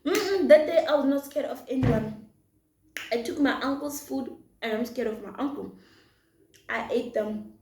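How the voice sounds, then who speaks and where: A young woman tells a long personal story in a relaxed, chatty way, now and then slipping in Setswana phrases. Her voice sits a little on the high side. The room around her sounds echoey. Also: normal speed. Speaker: vlogger. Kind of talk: storytime vlog while eating.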